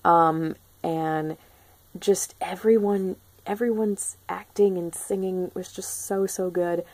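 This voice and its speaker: A woman's voice: on the low side, steady tone, slow pace, darkish tone. A young woman chatting casually in a spoiler-free film review, gushing and full of ums and restarts. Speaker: book and film vlogger.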